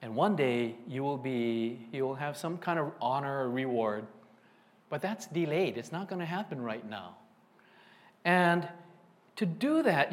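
Conversational man preaching a sermon. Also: on the high side. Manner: conversational, with frequent restarts and asides. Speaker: pastor.

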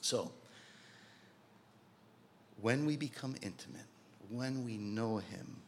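A man's voice: fairly low pitch, animated, slow pace, a little mellow, slight background noise. A man preaching a sermon in a conversational way, asking rhetorical questions and acting out quotes. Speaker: pastor.

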